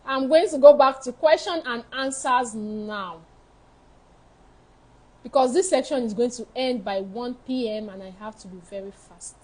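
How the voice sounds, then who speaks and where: A woman with a voice on the high side and a slightly mellow quality speaks at a measured pace as a study-abroad counselor in a live session. She answers viewer questions with frank, emphatic advice, repeating her key points. The audio quality is poor.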